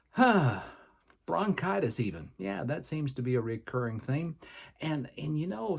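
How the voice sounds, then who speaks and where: Hosting his own podcast, this older personal trainer with a Southern American accent rambles along in a homespun style, filling his talk with fillers. He has a gravelly, somewhat dark voice at a medium pitch.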